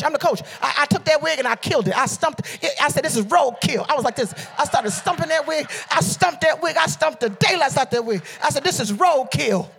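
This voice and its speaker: A woman from Detroit preaching a sermon with call-and-response, swinging from soft teaching to shouted exhortation. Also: sits high. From Detroit, USA. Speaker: preacher and beauty coach. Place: church service.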